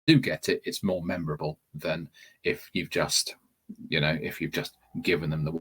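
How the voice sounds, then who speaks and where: A man's voice: extremely low pitch, fairly even intonation, normal speed, fairly bright tone, husky. A man teaching a course webinar in a conversational way, often restarting his phrases and addressing viewers directly. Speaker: TEFL course tutor. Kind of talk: webinar explanation.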